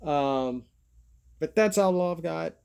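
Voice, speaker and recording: A man's voice: fairly high pitch, slow pace, creaky, darkish tone, clear, resonant tone. A man with an Alabama Southern accent, rambling through a folksy, meandering vlog monologue. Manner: meandering, folksy, self-deprecating. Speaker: vlogger.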